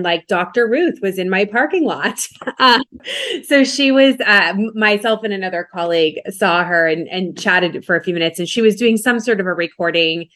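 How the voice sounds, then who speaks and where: A woman's voice: medium pitch, fairly bright tone. Chatty woman psychotherapist guest. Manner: chatty, laughs easily. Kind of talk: casual conversation.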